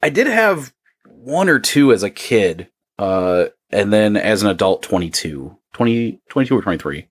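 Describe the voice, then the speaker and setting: A man's voice: fairly low pitch, very animated, moderate pace, husky, dry recording. A man in his thirties co-hosting a podcast, chatting in a laid-back, profane way and often trailing off. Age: 30s. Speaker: podcast co-host. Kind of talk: casual chat.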